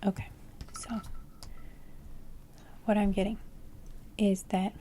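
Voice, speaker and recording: Soft-toned woman giving a rambling tarot reading. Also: medium pitch, little pitch movement, takes it slowly, a little hiss or hum. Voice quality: whispered close to the microphone. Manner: rambling, searching for words with many "like"s and restarts. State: losing her voice. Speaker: tarot reader. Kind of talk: casual tarot reading to camera.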